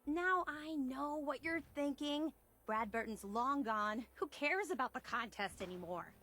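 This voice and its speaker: A woman voicing an eager female collector obsessed with a soft drink, speaking with bubbly enthusiasm in video game dialogue. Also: expressive, unhurried, exaggerated voice. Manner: enthusiastic, bubbly sales pitch.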